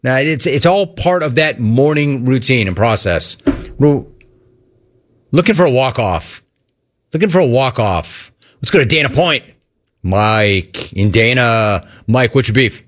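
A middle-aged man hosting a call-in radio show. His delivery is lively and swings all over his range as he rants. He mocks cheerful greetings in a high voice. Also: measured pace. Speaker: sports radio host.

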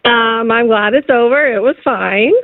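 A woman's voice: on the high side, unhurried, no room sound, phone-quality sound. A woman calling in as a guest on a radio show, speaking hesitantly. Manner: hesitant, laughing. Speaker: call-in guest.

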